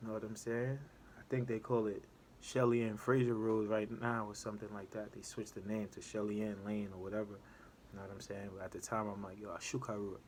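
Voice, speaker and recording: A man casually telling a story from his time in prison in a relaxed street manner, checking in with "know what I'm saying" again and again. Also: on the low side, a little fast, a little hiss or hum. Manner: laid-back street talk, keeps asking "know what I'm saying".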